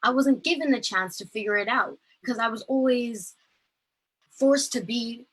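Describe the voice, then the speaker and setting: Teenage girl, bright and breathy voice, impassioned testimony, video call. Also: on the high side, unhurried, rough recording. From Ireland. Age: late teens. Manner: earnest, impassioned, filler-heavy storytelling. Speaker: protest speaker.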